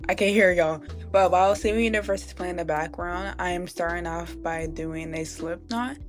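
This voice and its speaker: This is a chatty young woman with a slightly low voice, narrating a craft tutorial in a relaxed, playful way. She speaks straight to her viewers and laughs at her own slip-ups. Soft music plays faintly behind her. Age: young adult. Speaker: crochet vlogger. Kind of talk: casual tutorial voice-over.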